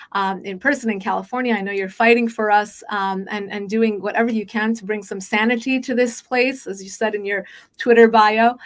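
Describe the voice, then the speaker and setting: A woman hosting a podcast interview, talking fast and chatty with many fillers and restarts. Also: medium pitch, a bit bright. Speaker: podcast host. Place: Los Angeles.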